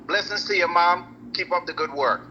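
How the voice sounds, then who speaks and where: A man's voice: high-pitched, normal speed, bright, forceful tone, dull audio, a little hiss or hum. A man on a call, agreeing with the host in casual chat. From Guyana. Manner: agreeable, affirming.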